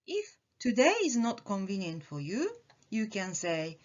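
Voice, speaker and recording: A woman teaching a language lesson, explaining slowly and carefully and acting out the intonation of example phrases. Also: medium pitch. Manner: slow, careful explanation with animated demonstrations of intonation. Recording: muffled, slightly dull audio.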